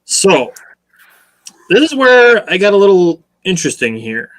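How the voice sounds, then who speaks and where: A man with a bright, slightly tense voice co-hosts a casual sports talk show. He explains things in a measured, patient way and nudges his listeners toward a level-headed view. His delivery stays conversational. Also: high-pitched. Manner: measured, explanatory, coaching listeners to stay even keel. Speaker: podcast co-host.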